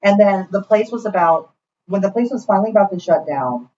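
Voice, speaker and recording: A woman's voice: medium pitch, lively intonation, brisk, mellow. A young woman co-hosting a podcast, telling a party story in rambling casual chat and swearing freely. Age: young adult. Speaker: podcast co-host. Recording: distant mic, dull lo-fi sound, faint hiss.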